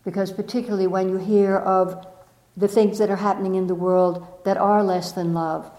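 A woman giving a gentle, affectionate inspirational talk to a live audience as a spiritual teacher, often repeating key words. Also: mid-range voice, little pitch movement, moderate pace. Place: warm room full of listeners. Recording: roomy echoing room.

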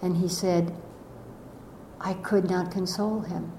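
An older woman telling a reflective spiritual story slowly and gently, her voice often trailing off softly. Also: fairly even intonation. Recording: echoey room with faint rumble.

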